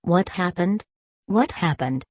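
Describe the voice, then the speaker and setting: Panicked young airman, repeats himself in terror; a woman reads him in her own low voice. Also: animated, takes it slowly, no room sound, clean studio sound. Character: terrified young male bombardier.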